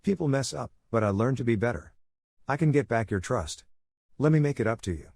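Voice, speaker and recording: A man's voice: medium pitch, lively intonation, a little fast, gravelly, a little mellow, dry recording, studio quality. A man reading as a pleading ex-girlfriend. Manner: pleading, apologetic. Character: pleading young adult woman, an ex-girlfriend. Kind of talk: read-aloud dialogue in a story.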